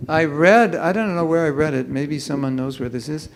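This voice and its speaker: In a humorous live talk on chanting, a man with a voice on the high side speaks at a moderate pace through a microphone. He jokes frequently and parodies careless mumbling, with slight background noise present.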